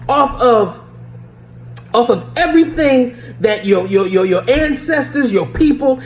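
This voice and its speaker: A vlogger giving an impassioned rant to camera, urgent and repetitive, often stumbling over repeated words and laughing through the lines. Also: medium pitch.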